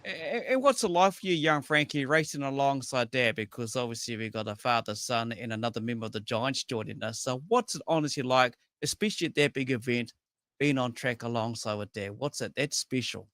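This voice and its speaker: A man hosting a casual racing chat, jokey and animated, with stumbling starts to his questions. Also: medium pitch, a little fast, dry recording. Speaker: host.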